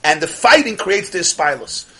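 Husky, impassioned man teaching Chassidic ideas. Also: high voice, expressive, moderate pace. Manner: impassioned, swings from loud outbursts to near-whispers; sprinkles Yiddish and Hebrew terms. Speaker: Torah teacher. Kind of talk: Chassidic lecture.

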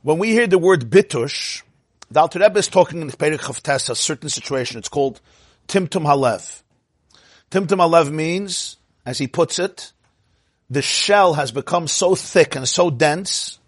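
A man giving a Torah class as a rabbi, animated, asking rhetorical questions and mixing in Hebrew and Yiddish terms. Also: on the high side, moderate pace, husky, dry recording, studio quality.

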